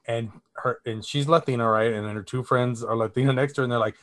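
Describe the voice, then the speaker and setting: A man's voice: mid-range voice, fairly even intonation, quick pace, few pauses. A young man co-hosting a casual podcast chat, telling long rambling stories with lots of fillers and casual swearing. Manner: rambling storyteller, swears freely, many fillers. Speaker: podcast co-host.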